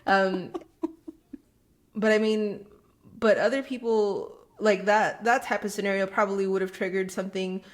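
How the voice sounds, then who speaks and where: Woman podcast co-host, reflective, talks in loose rambling runs with sudden quick stretches. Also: medium pitch, steady tone. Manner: reflective, rambling, with many fillers and quick bursts. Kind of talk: casual chat.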